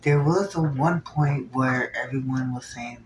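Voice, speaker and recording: A man's voice: medium pitch, a little slow. Chatty man in a roomy echo. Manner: chatty, animated, slips into hushed quoted asides. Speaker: show reviewer. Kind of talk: casual video review. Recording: roomy echo, faint background noise.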